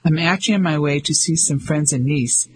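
A man reading the part of a polite, chatty young English gentleman in an audiobook. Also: a little high, a little fast, slight background noise, close to an everyday voice. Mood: easygoing. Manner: polite, upper-class, chatty.

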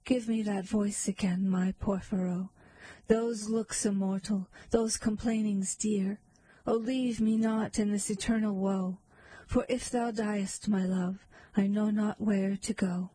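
A woman voicing a frightened, sorrowful young woman as she reads a narrative poem aloud, in a slow, measured recitation. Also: mid-range voice, fairly even intonation, mellow, slightly rough, rough recording. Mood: sorrowful pleading.

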